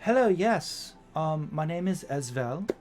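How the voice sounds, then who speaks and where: A man's voice: fairly high pitch, lively intonation, unhurried, a little mellow, voice pushed up. A man doing an eager young female coach driver. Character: cheerful young woman sky-coach driver.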